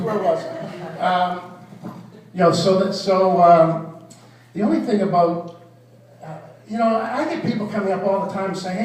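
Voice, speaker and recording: Older comedian in an echoey room. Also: male voice, high-pitched, normal speed, long pauses. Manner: rambling, self-deprecating, trails off mid-joke. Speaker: stand-up comedian. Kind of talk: stand-up comedy set. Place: comedy club stage. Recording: echoey club recording from far off with crowd laughter. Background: audience laughing.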